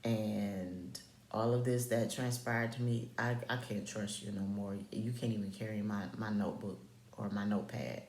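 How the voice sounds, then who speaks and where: A woman's voice: extremely low pitch, fairly even intonation, moderate pace, darkish tone, echoey room. A woman telling a personal story to the camera in a candid vlog, blunt and profane, with slangy asides to the viewer. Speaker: vlogger.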